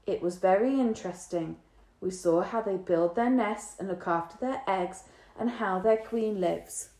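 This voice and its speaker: A woman's voice: medium pitch, unhurried, dark tone, close to an everyday voice. Woman doing a prickly, defensive schoolgirl. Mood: reciting. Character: guarded, prickly schoolgirl, flat and reciting. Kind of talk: storybook reading. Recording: roomy echo.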